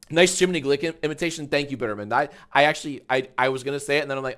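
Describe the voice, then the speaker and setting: A man's voice: on the high side, quick pace, pushed and bright. A man chatting casually on a live stream, rambling and swearing as he reads out the chat.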